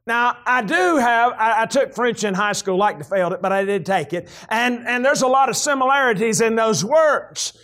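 A man with a Southern US accent preaching a sermon in a church, folksy and animated, often rising into shouts. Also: very high-pitched, moderate pace, hardly any pauses. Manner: folksy, animated, breaks into shouts when excited. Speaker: pastor.

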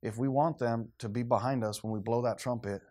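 Animated conversational male preacher. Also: mid-range voice, fairly quick. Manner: conversational, animated, acts out quotes. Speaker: pastor. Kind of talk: sermon.

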